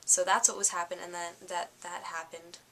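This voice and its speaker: A tired young woman recapping her week in a chatty, excitable vlog, full of fillers. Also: on the low side, normal speed, slight background noise. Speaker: fashion vlogger.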